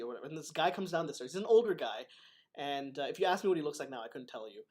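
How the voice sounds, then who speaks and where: Male host, martial arts teacher, higher voice, chatty storyteller. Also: very fast. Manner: animated storytelling with laughs. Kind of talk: casual chat.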